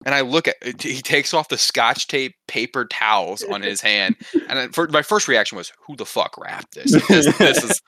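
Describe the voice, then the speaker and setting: Bright-voiced young man telling a story. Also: medium pitch, normal speed, hardly any pauses, no room sound. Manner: animated, acting out quotes, swearing freely. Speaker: podcast co-host. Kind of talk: casual storytelling chat.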